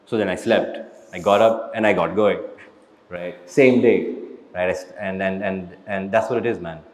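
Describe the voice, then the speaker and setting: A man's voice: deep voice, steady tone, moderate pace, darkish tone, reverberant, in a large hall, poor audio. A man answering audience questions in a blunt, motivational way, tagging lines with "right?" and "man". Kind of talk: casual live Q&A talk. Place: event hall with live audience.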